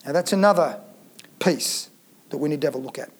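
A man preaching a Bible teaching sermon, reading scripture aloud and then explaining it plainly, slowing down to stress key phrases. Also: fairly high pitch.

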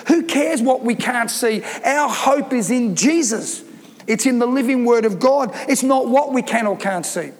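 A man's voice: extremely high pitch, lively intonation, unhurried. A man preaching a sermon as pastor, emphatic and insistent, driving home his points. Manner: emphatic, preaching with rising intensity. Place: church hall. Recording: reverberant church hall.

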